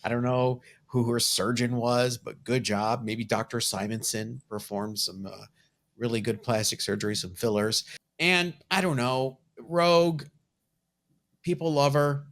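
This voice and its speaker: A man's voice: mid-range voice, steady tone, a little slow, fairly bright tone. Male host, dry humor, casual comic talk, mid-range voice. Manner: wry, joking. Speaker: podcast co-host. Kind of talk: casual chat.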